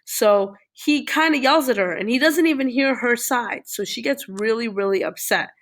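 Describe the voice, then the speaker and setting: A woman's voice: fairly high pitch, moderate pace, a bit bright. A woman teacher casually retelling a novel chapter for her class, checking in often with "okay?" and "all right?". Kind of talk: classroom reading review.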